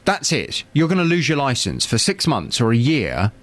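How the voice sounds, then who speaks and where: A man's voice: mid-range voice, wildly swooping pitch, normal speed, a bit bright, no room sound. Male phone-in host, persuasive, dry close mic. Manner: earnest, persuasive, emphatic. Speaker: phone-in presenter. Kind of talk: radio trail and chat. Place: radio studio.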